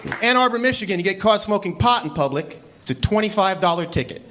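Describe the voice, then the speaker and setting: A man working a comedy club stage with a lively, high-pitched delivery that swings wide as he acts out bits. His voice is a touch high for a man, and the live club recording carries a noisy room and a laughing crowd behind him. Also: quick pace. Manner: animated, mock-incredulous, acts out voices. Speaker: stand-up comedian. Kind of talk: stand-up comedy set. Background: audience laughter.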